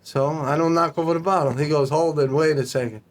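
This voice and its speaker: A man telling stories as a podcast guest in a casual, animated, profane way, acting out the dialogue. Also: fairly high pitch, fairly quick. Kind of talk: casual storytelling.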